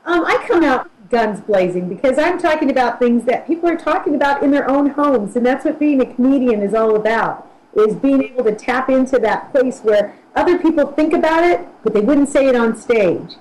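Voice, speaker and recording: A woman's voice: sits high, lively intonation, moderate pace, few pauses, a little mellow, rough recording. A woman comedian answering interview questions in a frank, upbeat way. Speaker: guest comedian.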